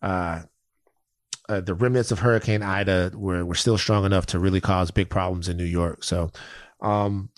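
A man's voice: low voice, steady tone, normal speed, no echo. A man co-hosting a podcast in casual, jokey chat, breaking into bits and voices. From Southern US. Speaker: podcast co-host.

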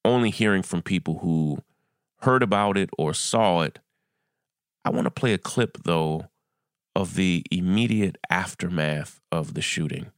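Middle-aged male podcast host: deep, gravelly, earnest news commentary in a dry booth. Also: no room sound. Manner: earnest, urgent, pauses and restarts.

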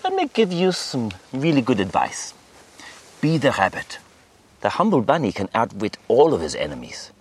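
A man's voice: mid-range voice, wildly swooping pitch, moderate pace, slight background noise. An actor playing a goofy, flamboyant imaginary dictator friend, delivering his film dialogue in a theatrical, coaxing way.

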